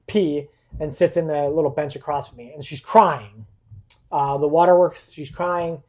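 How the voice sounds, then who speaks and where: A man guest on a podcast, earnestly telling a personal story in a halting way, with fillers and restarts. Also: fairly high pitch, dark tone.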